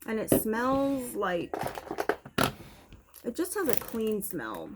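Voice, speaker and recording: A woman's voice: fairly high pitch, wildly swooping pitch, slow pace, very noisy. A young woman vlogging a casual, candid makeup review at home, a little out of breath and breaking off now and then to scold her dog. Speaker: beauty vlogger. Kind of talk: casual product review chat. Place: home room, TV on in background.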